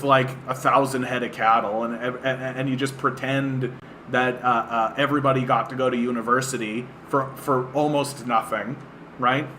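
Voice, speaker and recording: A man's voice: medium pitch, bright, forceful tone, slight background noise. A man from Canada hosting a livestream of political commentary. He rants in a scornful way, repeating himself and using many fillers. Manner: scornful, repetitive, filler-heavy. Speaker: livestream host.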